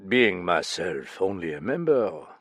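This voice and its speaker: A man reading an audiobook, voicing an impassive, suave club owner who speaks smoothly and guardedly. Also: low voice, very animated, a little slow, fairly bright tone, dry recording, clean studio sound, heavily acted. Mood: urbane.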